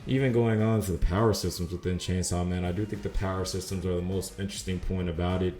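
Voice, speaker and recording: A man's voice: sits low, fairly even intonation, fast, darkish tone, echoey room. A man casually reviewing an anime in a laid-back, slangy, rambling way with lots of fillers. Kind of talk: casual video commentary.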